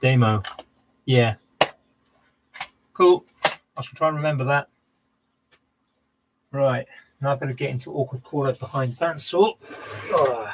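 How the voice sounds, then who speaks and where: A man's voice: mid-range voice, unhurried, long pauses, noisy background. A man live-streaming from his home workshop, chatting casually to viewers and thinking aloud between tasks. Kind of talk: casual chat while working.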